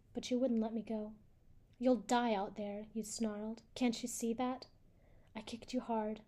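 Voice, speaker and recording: A woman reading a first-person novel aloud in a steady, even way. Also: fairly high pitch. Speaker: audiobook reader.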